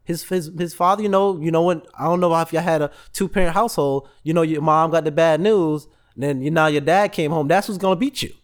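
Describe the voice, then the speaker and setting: A man hosts a casual motivational talk, telling stories and acting out the voices of the people in them. His voice sits a bit high for a man, and it swings up and down as he gets into each scene. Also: a little fast, hardly any pauses. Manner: animated storytelling, acts out voices in quotes, laughs often. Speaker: podcast host.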